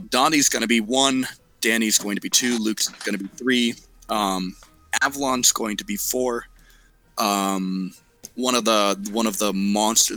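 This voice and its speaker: A man narrates as game master, spinning out descriptions of the action as he improvises. His voice sits low but has a forceful, bright edge. The sound is close and dry. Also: no room sound, poor audio. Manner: descriptive, restarts phrases while improvising.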